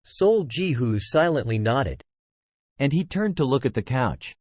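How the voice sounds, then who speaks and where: A man reading a fantasy web novel aloud as scripted audiobook narration, with steady storytelling and small shifts for the dialogue. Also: mid-range voice, unhurried, no echo.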